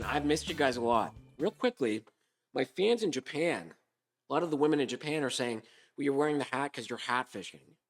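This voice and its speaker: A man hosting a comedic podcast monologue, hoarse from a sore throat, with a sarcastic, rambling delivery. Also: medium pitch, expressive, fairly quick, soft background music. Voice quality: hoarse, smoker-like. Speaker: podcast host.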